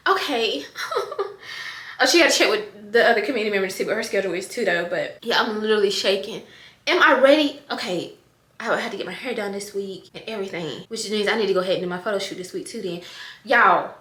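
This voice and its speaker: A middle-aged woman talking casually to the camera in a vlog, excited and emotional, often calling her viewers "y'all". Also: mid-range voice, quick pace. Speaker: vlogger. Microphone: camera on desk. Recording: echoey room.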